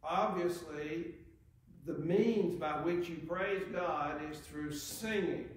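A man's voice: a little high, slow, a little hiss or hum. A man preaching a sermon, earnest, reading scripture aloud with rising emphasis. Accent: Southern American. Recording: very echoey church hall.

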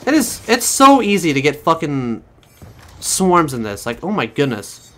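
A man giving profane, excitable commentary over his own gameplay and talking to his viewers. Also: fairly high pitch, measured pace, a little hiss or hum. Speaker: gaming channel host.

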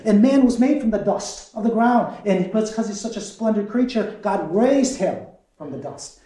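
In an echoey parish meeting room, a deacon guides his group through a conversational Bible study, quizzing them with animation and chuckling often. He has a fairly high, mellow voice and talks at a normal pace.

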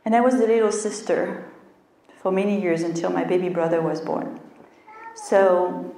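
A health coach tells her story with animated storytelling, slipping into her own inner voice as she goes. Her voice sits a little low and reaches the mic from a distance, carried through a roomy, echoing space. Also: moderate pace, slight background noise. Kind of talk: motivational talk.

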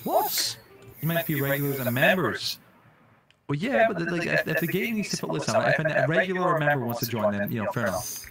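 A man doing casual live-stream commentary while playing a game, jokey and excitable, swearing when startled. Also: a little high, fast, vocal fry.

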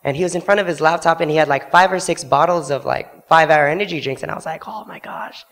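A man's voice: on the high side, fast talker, fairly bright tone, long reverb tail. A young man giving an earnest testimony to a church congregation from the front of a church sanctuary, speaking into a handheld microphone. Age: young adult. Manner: earnest storytelling, acting out quoted voices. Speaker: student literature evangelist.

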